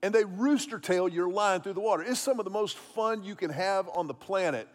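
A man's voice: high voice, brisk, big-room sound. A man preaching a sermon, telling a story casually and with lots of fillers. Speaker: pastor.

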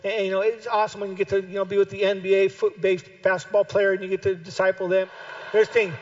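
A male pastor preaching a sermon with passion, repeating key phrases and building to shouted calls to keep going. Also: high-pitched, little pitch movement, quick pace. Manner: impassioned, builds to shouted exhortation. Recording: dull lo-fi recording.

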